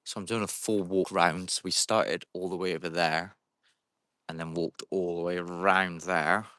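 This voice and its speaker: A man's voice: low-pitched, fairly even intonation, moderate pace, pushed and bright, smooth, dry recording, clean studio sound. A man hosting a paranormal livestream outdoors in a cemetery, chatting casually with viewers and calling out to spirits on a handheld phone. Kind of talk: casual live-stream chat.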